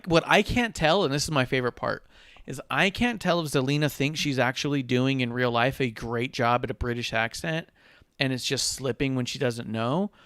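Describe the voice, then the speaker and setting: A man co-hosting a casual podcast chat over a video call, enthusiastic and opinionated and quick to laugh. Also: mid-range voice, a bit bright, smooth, dry recording, studio quality. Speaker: podcast co-host.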